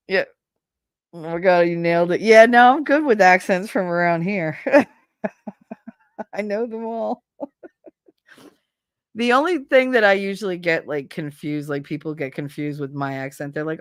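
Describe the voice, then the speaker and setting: A woman's voice: on the low side, lively intonation, unhurried, pauses often, no echo. A woman with a New Jersey accent hosting a casual talk show, blunt, swearing freely and laughing often. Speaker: host. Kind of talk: casual chat.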